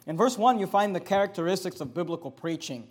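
A male pastor preaching a sermon, moving between loud emphatic lines and softer, lowered asides. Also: expressive, quick pace.

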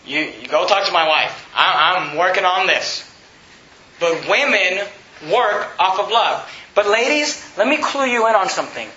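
A man's voice: high-pitched, expressive, bright, forceful tone, a little hiss or hum. A male preacher giving a sermon in a church. He reads scripture aloud and explains it in plain talk, often correcting himself. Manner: halting restarts and self-corrections. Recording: echoey, dull lo-fi room recording.

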